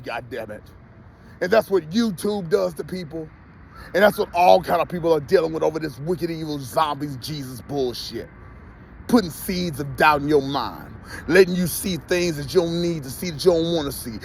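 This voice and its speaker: A man's voice: on the high side, gravelly, a little hiss or hum. A man ranting heatedly to his viewers in a profane, repetitive vlog monologue. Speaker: vlogger.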